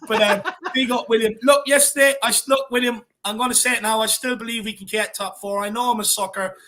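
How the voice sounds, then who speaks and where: Irish man, stream host, high-pitched, bright tone, reads chat, gives shout-outs. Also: steady tone, brisk, slight background noise. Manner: hypes viewers with "big yourself up, my man". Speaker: host reading live chat. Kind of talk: casual live stream chat.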